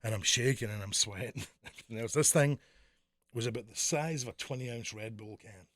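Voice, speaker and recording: A man with a mild, Americanized Scottish accent telling animated, profane stories as a podcast co-host. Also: mid-range voice, fairly quick, dry recording. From Scotland. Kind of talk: casual chat.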